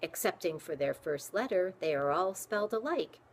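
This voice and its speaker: A woman voicing an excitable French gentleman who insists on correct pronunciation. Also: lowish voice, moderate pace. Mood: insistent. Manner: insistent, exclamatory.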